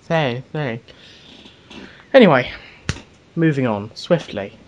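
A man co-hosting a casual podcast chat, teasing his partner with quick interjections. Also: mid-range voice, animated, muffled recording, slight background noise. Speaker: podcast co-host.

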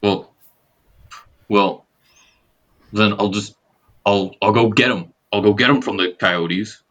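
A man voicing Buddy, a large sturdy male pit bull mix dog who speaks haltingly and earnestly. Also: fairly low pitch, fairly even intonation, fairly bright tone. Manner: halting, stammering.

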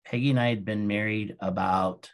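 A middle-aged man from Iowa, the guest on an interview show, talks in a somewhat low voice. He tells his stories calmly and without hurry, often pausing on an um. The tone is relaxed and conversational. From Iowa, USA. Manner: calm, unhurried storytelling with frequent ums. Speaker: guest, grain business owner. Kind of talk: casual interview chat.

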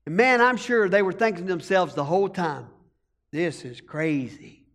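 A man's voice: high-pitched, lively intonation, brisk, a bit bright, long reverb tail. A male pastor preaching a sermon in an emphatic, rhetorical way.

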